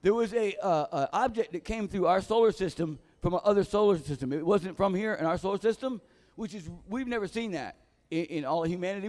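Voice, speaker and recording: A man's voice: high voice, a little mellow. A man doing a live stand-up set in a bar, telling profane stories casually and losing his train of thought. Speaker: stand-up comedian. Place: dive bar comedy room.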